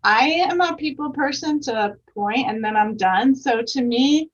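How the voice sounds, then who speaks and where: A woman guest chatting in a lively way on a video call, laughing often and getting louder when amused. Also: sits high, a little slow. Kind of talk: casual interview chat. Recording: distant, dull remote mic.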